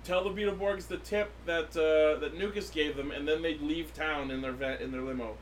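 A man's voice: fairly high pitch, fairly even intonation, normal speed. A young man co-hosting a podcast, recapping a show emphatically, with lots of swearing and jokes. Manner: emphatic, profane, joking. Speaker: podcast co-host. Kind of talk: casual episode recap chat. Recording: distant mic with faint noise.

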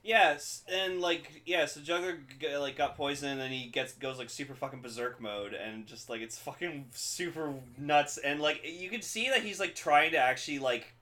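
A man casually recapping a show with friends, rambling with many fillers and loudly acting out the characters. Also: a little high, normal speed, hardly any pauses. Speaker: podcast co-host.

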